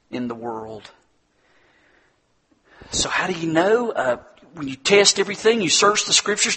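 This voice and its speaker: A man's voice: a little high, sharp tone, husky. A man preaching a sermon, emphatic and full of rhetorical questions, speaking directly to his listeners. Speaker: pastor.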